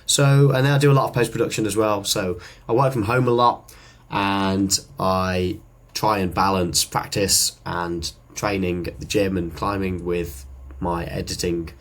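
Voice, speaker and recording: Man, british, lowish voice, casual podcast chat, rambling, jokey. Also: fairly even intonation, measured pace. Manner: chatty, rambling, jokey asides. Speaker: podcast co-host, musician and videographer.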